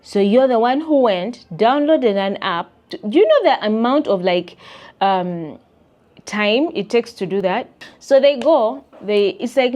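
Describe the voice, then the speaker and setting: A young Ugandan-accented woman vents to her viewers in a casual vlog rant. She is emphatic and indignant, slipping into voices as she quotes others, at a mid-range pitch for a woman. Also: expressive, a little slow, a little mellow. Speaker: vlogger and content creator.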